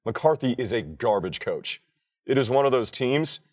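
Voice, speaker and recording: A man's voice: medium pitch, very animated, moderate pace, darkish tone. A man co-hosting a casual sports podcast, ranting emphatically and swearing freely. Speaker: podcast co-host.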